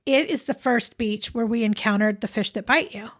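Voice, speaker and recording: A woman's voice: a little high, normal speed, a bit bright. A woman co-hosting a podcast, chatting casually and laughing often about a trip. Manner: giggly, chatty, with frequent restarts. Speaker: podcast co-host. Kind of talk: casual travel chat.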